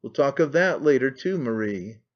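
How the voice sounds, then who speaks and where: A man's voice: medium pitch, animated, moderate pace, highs cut off, lightly acted. A man doing a distraught pleading young man. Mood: pleading, alarmed. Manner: pleading, flustered.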